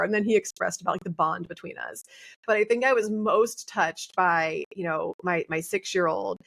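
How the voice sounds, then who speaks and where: A woman in her forties, a podcast guest, telling family stories with many fillers and quick laughs. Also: medium pitch, vocal fry, a bit bright. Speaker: podcast guest, author and coach. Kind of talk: candid podcast conversation.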